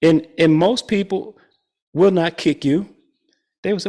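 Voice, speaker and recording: A man's voice: sits high, measured pace, long pauses. A man leading a spiritual study group, teaching in a conversational way and chuckling often. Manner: chuckles often, animated and playful.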